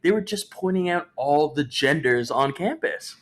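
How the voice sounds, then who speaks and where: A man's voice: a little high, lively intonation, normal speed. A man in his twenties co-hosting a podcast in casual comedic chat, rambling and stumbling over restarts. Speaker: podcast co-host.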